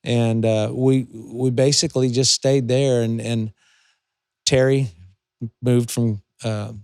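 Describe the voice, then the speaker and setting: A man's voice: medium pitch, level tone, slow pace, a little mellow, clear, resonant tone, no room sound, clean studio sound. An older man from California, a retired racing driver, telling long rambling stories as an interview guest. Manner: rambling anecdotes with many restarts. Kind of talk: storytelling in a casual interview.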